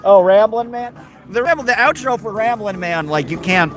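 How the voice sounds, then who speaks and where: A man's voice: sits high, fairly quick, music in the background, rough recording. Chatty man rambling outdoors by a river. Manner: chatty, rambling, talks to his dog in a sing-song. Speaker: livestream host. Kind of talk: casual rambling live chat.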